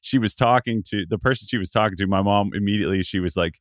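A man guesting on a sports podcast, an animated storyteller who laughs often. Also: lowish voice, fast, no room sound, studio quality. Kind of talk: casual sports chat.

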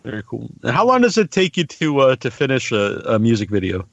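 Lively-toned podcast host guy. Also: medium pitch, brisk, gravelly, dry recording, highs cut off. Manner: easygoing, short affirmations. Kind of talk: casual interview chat.

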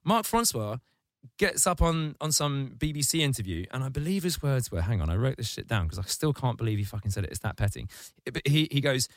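A man riffing in a casual comedy podcast, heaping crude, vivid insults in a sardonic rant. His voice sits at an ordinary middle pitch and the sound is dry and close. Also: animated, brisk, dry recording.

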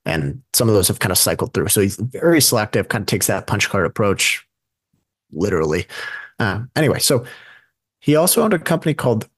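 Man, podcast co-host, casual chat, low voice, dry close sound. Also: very animated, a little fast, breathy edge, dry recording. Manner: conversational, with many fillers and asides.

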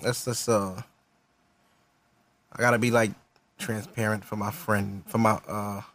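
A man hosts his podcast in an unhurried, laid-back drawl, swearing freely and leaning on slang. His voice has a rough, gravelly edge, and he stops to gather his words with fillers. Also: lowish voice, flat delivery, fairly bright tone. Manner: loose, slangy and profane, halting with fillers. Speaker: podcast host. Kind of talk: casual podcast chat.

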